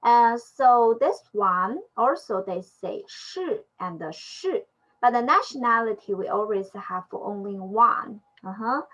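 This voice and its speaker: Slow, hesitant woman teaching a language lesson. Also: a little high, animated, fairly bright tone. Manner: hesitant, many fillers, patient explaining. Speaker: Chinese teacher. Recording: muffled lo-fi audio.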